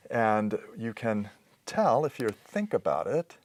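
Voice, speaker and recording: Male lecturer, lowish voice, patient and methodical, screen-recorded lesson. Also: big pitch swings, a little mellow. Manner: patient, explanatory, with pauses and restarts. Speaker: teacher. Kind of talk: recorded lecture on Greek accents.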